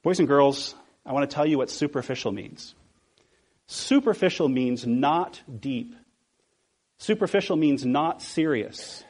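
A male pastor delivering a sermon in a somewhat high, husky voice. He presses home his points with repeated rhetorical questions. He slows down deliberately to land the key words. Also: lively intonation, a little mellow.

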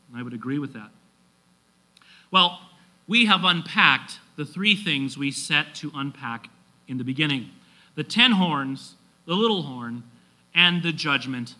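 A man's voice: a little high, expressive, measured pace, sharp tone, low-quality recording. A male pastor preaching a sermon from his manuscript, reading quotations and building to emphatic exhortation.

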